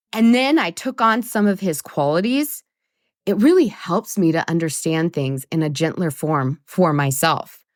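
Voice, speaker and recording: A woman with a low voice hosts a self-help podcast in a blunt, swearing, emphatic monologue. She pokes fun at herself as she goes. The recording is dry and close to the mic. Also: no echo. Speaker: podcast host.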